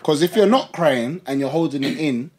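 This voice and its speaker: Animated young man chatting. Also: on the high side, moderate pace. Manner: laughs often, animated storytelling. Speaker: podcast co-host. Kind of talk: casual chat.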